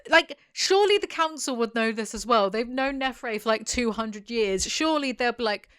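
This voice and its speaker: A woman's voice: fairly high pitch, lively intonation, moderate pace, a bit bright, smooth, no echo, clean studio sound. A woman hosting a casual book review, reading passages aloud and cutting in with sarcastic, snarky asides.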